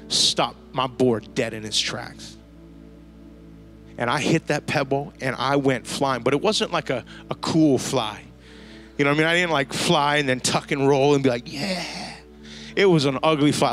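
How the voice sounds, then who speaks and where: Pastor, male, slightly high voice, lively storytelling sermon, soft music behind. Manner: storytelling, animated, slangy asides. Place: church service before a congregation.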